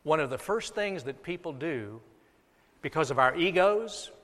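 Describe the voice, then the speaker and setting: A man's voice: on the high side, animated, unhurried, a bit bright. A man preaching a sermon from the pulpit as pastor, from the United States, emphatic and repeating key phrases for effect. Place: church sanctuary. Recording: long reverb of a large hall.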